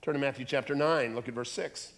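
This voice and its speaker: A man preaching a sermon, animated and acting out voices from the scripture he reads. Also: medium pitch, brisk. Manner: animated, acts out voices in quotes. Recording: long hall reverb.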